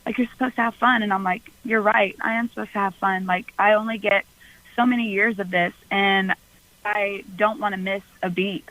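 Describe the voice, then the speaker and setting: A young adult woman from Mississippi, a college softball pitcher, guests on a radio interview, talking earnestly and chattily with lots of "like" fillers. Her delivery is flat at a normal speed, in a dry, low-quality recording.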